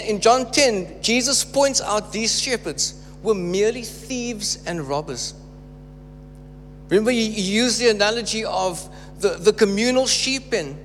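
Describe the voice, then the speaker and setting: A man preaching a sermon, emphatic and repeating phrases for stress. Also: sits high. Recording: reverberant hall with faint hum.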